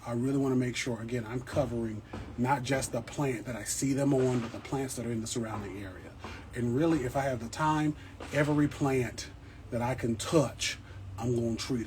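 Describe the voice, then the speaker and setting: Man, plant host, casual live chat, jokey, mid-pitched, faint hum behind. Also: darkish tone. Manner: chatty, joking, keeps checking in with "right?". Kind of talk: casual livestream chat answering viewer questions. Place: home indoors with plants.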